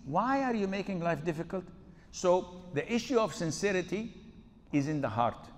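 A man's voice: high-pitched, sing-song, normal speed. A male preacher giving a humorous question-and-answer talk, acting out the dialogues in his stories. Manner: acts out dialogues in storytelling. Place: Islamic center lecture hall. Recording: long hall reverb.

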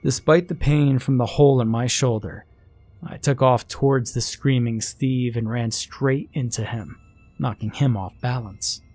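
A man narrating a first-person horror story in a wry, unhurried way. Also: mid-range voice, steady tone, a little mellow.

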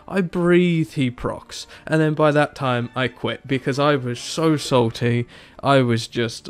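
A young man casually commentating over his gameplay, animated and exasperated, acting out his own reactions. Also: a little high, a little slow, soft background music. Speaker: gaming YouTuber. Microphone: desktop mic, no camera.

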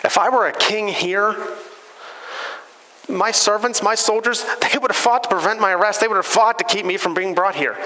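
A pastor voicing a calm, plain-spoken teacher in a lowered, steady voice, in a reverberant church hall. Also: male voice, normal speed.

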